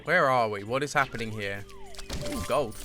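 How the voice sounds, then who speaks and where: A young man streaming a video game, chatting casually and self-mockingly with animated reactions. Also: medium pitch, normal speed, over music. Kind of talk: live gameplay commentary.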